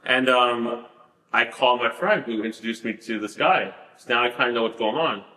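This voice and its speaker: A man tells his story in a bright, forceful voice, animated and laughing, with fillers everywhere. The sound has a roomy echo around it. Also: mid-range voice, moderate pace. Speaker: podcast guest. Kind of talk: casual storytelling interview.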